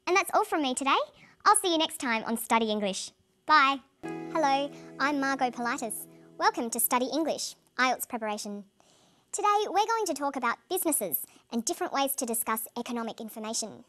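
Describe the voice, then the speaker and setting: A woman with a slightly high voice presents an English lesson, speaking clearly and at an even, careful pace. Her delivery is scripted and measured.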